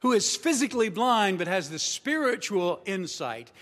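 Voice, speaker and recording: A man delivers a sermon as a pastor, with a notably high voice. He tells the story in a relaxed, conversational way and acts out the voices of the people in it. His voice carries the long reverb of a large hall. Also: normal speed.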